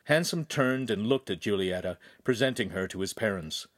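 Guy reading a young adult novel, steady, super dry recording. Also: fairly low pitch, moderate pace, no room sound. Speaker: audiobook narrator. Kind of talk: scripted novel narration.

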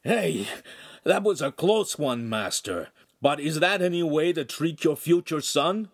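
A man's voice: on the high side, lively intonation, unhurried, voice pushed up. A man voicing a bumbling, cheeky young male servant in an audiobook, rambling through his complaints.

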